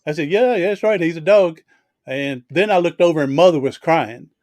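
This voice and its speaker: A man's voice: fairly high pitch, moderate pace, darkish tone, no echo. A man hosting a casual video chat, telling stories in a chatty, easygoing way. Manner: storytelling, chatty, laughs easily. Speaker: host.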